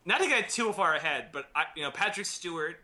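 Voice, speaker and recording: A man from Chicago co-hosts a casual movie podcast, his voice a touch high and very bright. He laughs easily and often restarts his sentences as he talks. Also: big pitch swings, fairly quick. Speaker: podcast co-host. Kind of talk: casual movie review chat.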